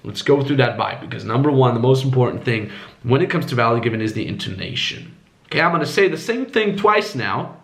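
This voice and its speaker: A man coaching in casual talk, animated, swearing freely and acting out different tones with high squeaky swoops. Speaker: dating coach.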